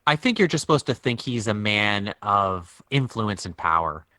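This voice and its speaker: A man's voice: lowish voice, big pitch swings, normal speed, pushed and bright, dry recording. A man co-hosting a podcast, offering wry, jokey commentary in casual chat. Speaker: podcast co-host.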